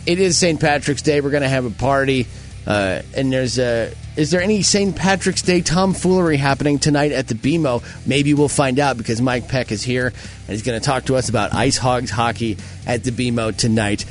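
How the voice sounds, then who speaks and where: A man hosting a radio morning show, trading jokes and laughing easily with his guests. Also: mid-range voice. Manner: joking, quick to laugh. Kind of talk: casual radio banter.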